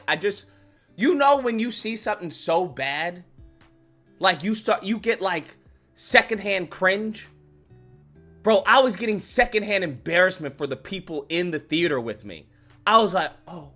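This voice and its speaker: Man, movie rant, high bright voice, jumping all over in pitch, slangy, faint music behind. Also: a little slow. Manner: animated, slangy, acts out scenes. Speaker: YouTube host.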